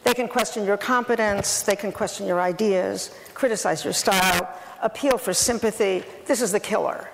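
A woman's voice: medium pitch, moderate pace, creaky, hardly any pauses. A woman co-presenting a negotiation workshop, explaining tactics with quoted example phrases. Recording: noisy recording in a reverberant hall.

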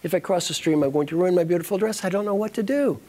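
Distressed young woman, pleading, high, voiced by a man. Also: quick pace, warm tone, close to an everyday voice. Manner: pleading, plaintive.

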